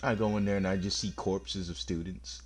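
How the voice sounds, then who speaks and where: A man's voice: low voice, steady tone, moderate pace, a little hiss or hum. A man commenting playfully on a video game as he plays, laughing often. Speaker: let's play host. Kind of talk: gameplay commentary.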